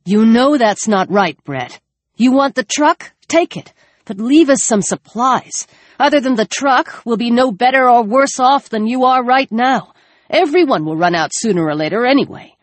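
A man's voice: very high-pitched, animated, normal speed, no echo, pitched above the performer's own voice. A woman voicing a desperate male soldier, pleading urgently with a raised voice.

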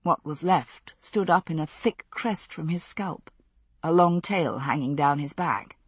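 A woman reading a novel aloud as narrator, in a steady, measured storytelling manner. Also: sits low, slightly rough, no room sound. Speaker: audiobook narrator. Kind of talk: scripted narration.

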